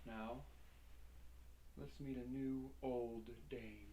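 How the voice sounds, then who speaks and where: A man's voice: mid-range voice, extremely slow, reverberant, slight background noise, low-quality recording. A man playing a dry, formal-speaking detective's assistant in a comedy web drama. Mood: deadpan. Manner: deadpan, wordy and formal. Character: dry, deadpan adult male detective's assistant.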